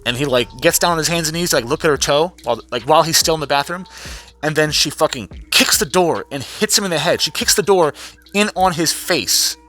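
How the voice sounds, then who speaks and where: A young man giving a casual, profane recap vlog, animated and full of fillers and restarts. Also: fairly high pitch, brisk, faint music behind. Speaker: vlogger recapping a trial.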